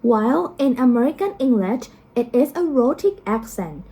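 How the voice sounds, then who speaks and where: A woman teacher narrating a lesson, explaining carefully and slowly, with frequent ums and uhs. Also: fairly high pitch, very animated, dark tone, low-quality recording.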